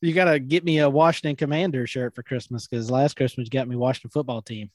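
A man's voice: mid-range voice, steady tone, fast, a little mellow, dry recording, studio quality. A man co-hosting a casual podcast chat, joking with friends and recommending old shows in loose, rambling sentences. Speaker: podcast co-host.

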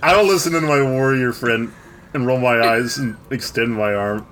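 A man's voice: mid-range voice, moderate pace, background noise. A man taking part in a tabletop role-playing game, speaking in a dry, joking manner. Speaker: player. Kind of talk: casual in-character play.

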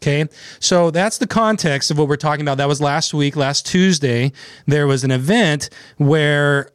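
A man's voice: on the high side, normal speed, clear, resonant tone, dry recording. A man hosting a legal talk show in a studio, chatting casually and sarcastically, laughing at his own story. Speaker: attorney and podcast host. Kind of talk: casual chat. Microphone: studio microphone.

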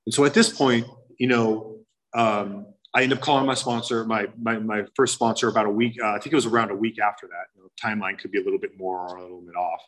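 Husky fast-talking man telling his story. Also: lowish voice, fairly even intonation, fairly bright tone, rough recording. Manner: candid, rambling, full of "you know" and quoted dialogue. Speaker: speaker sharing a recovery story. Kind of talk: personal testimony to a meeting.

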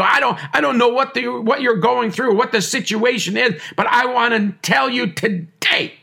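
A man's voice: extremely high pitch, moderate pace, creaky, few pauses, pushed and bright, breathy edge. A man preaching a sermon with fervent, repetitive cadence.

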